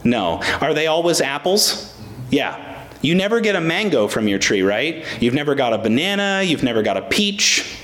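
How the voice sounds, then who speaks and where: Here a pastor preaches in a somewhat high, sing-song voice with a fairly bright tone, at a normal speed. Emphatic and prone to rhetorical questions, he names members of the congregation and restarts words as he gropes for them.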